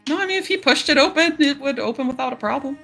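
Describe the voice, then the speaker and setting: A woman narrating as game master of a tabletop game, unhurried, with many fillers and frequent laughs. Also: high-pitched, lively intonation, gravelly, fairly bright tone, soft background music.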